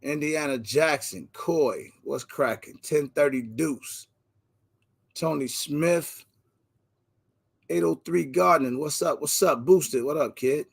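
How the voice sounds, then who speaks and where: A man hosting a casual livestream, giving energetic slangy shout-outs to viewers by name. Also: on the high side, takes it slowly, creaky, husky. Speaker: livestream host.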